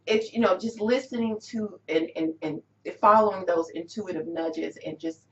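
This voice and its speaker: A woman guest in a casual interview, telling her own story with growing animation and excitement. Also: lowish voice, moderate pace. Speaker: guest sharing a testimonial. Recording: distant, dull-sounding recording.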